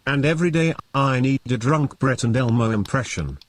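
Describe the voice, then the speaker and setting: A man reading viewer donations and messages aloud on a live show, in a plain, even manner. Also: mid-range voice, fairly quick, background noise.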